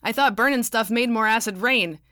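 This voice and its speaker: A woman voicing a loud, haughty, bullying man with rough country grammar. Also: very high-pitched, normal speed, no echo, studio quality, pitched above the performer's own voice. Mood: blustering. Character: loud bullying old-fashioned man, stubborn.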